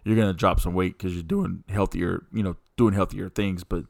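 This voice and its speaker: A man's voice: deep voice, steady tone, moderate pace, vocal fry, a little mellow, dry recording, clean studio sound. A man hosting a casual podcast, talking in an easygoing, rambling way with lots of fillers. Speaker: podcast host.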